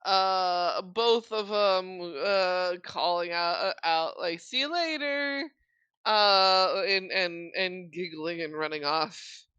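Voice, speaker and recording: A woman running a tabletop game as dungeon master, narrating slowly with many pauses and fillers. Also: on the low side, steady tone, a bit bright, smooth, dry recording, highs cut off.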